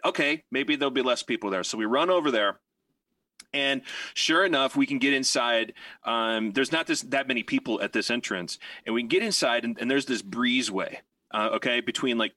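A man telling a long anecdote in casual podcast chat, rambling and animated with many fillers and restarts. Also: mid-range voice, no room sound, distant mic.

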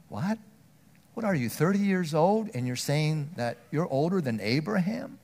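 A man preaching a sermon, earnest, often restarting words, swinging from loud emphatic stretches down to a near hush. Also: on the high side, lively intonation, brisk.

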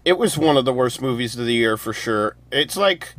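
A man's voice: medium pitch, lively intonation, normal speed, a bit bright. A man co-hosting a movie review podcast, rambling casually with lots of "like". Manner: rambling, exasperated, says "like" a lot. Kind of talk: casual chat.

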